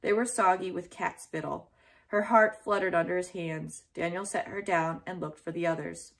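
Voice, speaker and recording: A woman reading a children's chapter book aloud in a gentle, steady storytelling manner. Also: fairly low pitch, normal speed.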